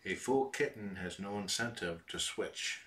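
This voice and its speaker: A man casually commenting to viewers from home, relaxed and chatty with dry asides. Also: lowish voice, measured pace, far from the mic, noisy background. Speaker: live stream host. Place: home room with cats.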